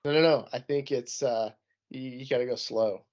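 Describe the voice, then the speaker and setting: A man's voice: mid-range voice, steady tone, moderate pace, darkish tone, highs cut off. A man co-hosting a podcast in casual banter, laid-back, swearing freely and laughing often. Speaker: podcast co-host.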